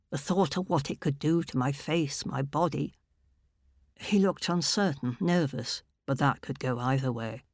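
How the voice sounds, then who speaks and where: Author reading her own story; woman, unhurried, deliberate, dry close-miked sound. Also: sits low, no room sound. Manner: slow, measured, deliberate reading.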